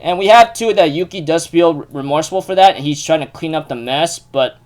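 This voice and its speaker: Male anime reviewer, fairly high voice, casual, rambling recap full of fillers. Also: a little fast. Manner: rambling, heavy use of fillers.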